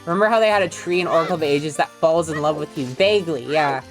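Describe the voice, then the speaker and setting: A woman's voice: low-pitched, fast talker, soft background music. A woman casually chatting and swearing while streaming a video game, rambling with frequent laughs.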